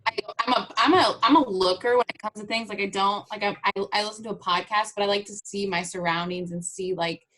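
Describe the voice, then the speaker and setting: Young woman talking in halting, casual bursts. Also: medium pitch, sharp tone. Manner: halting, restarts and many "like" fillers. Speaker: coaching client. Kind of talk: casual group chat.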